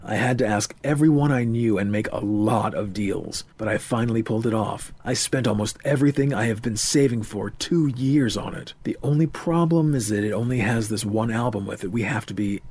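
A man's voice: fairly low pitch, a little fast, few pauses, a little mellow, breathy edge. A man voicing an earnest young shopkeeper who speaks plainly, in an audiobook.

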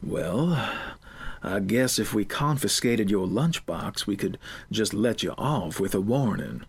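A man voicing a crooked older female school guard who talks slowly and slyly. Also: fairly low pitch, expressive, creaky, husky, pitched below the performer's own voice, full character voice. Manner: slow, sly, extorting.

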